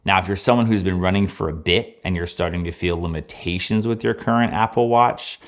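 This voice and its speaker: A man talking through a scripted review of running watches, measured and plain-spoken. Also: deep voice.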